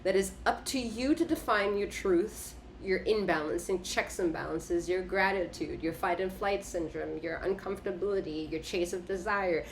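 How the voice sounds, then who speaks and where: A tarot reader speaks in a mid-range voice with slight background noise. Her casual reading is emphatic and profane, full of repeated short phrases for punch and bursts of laughter.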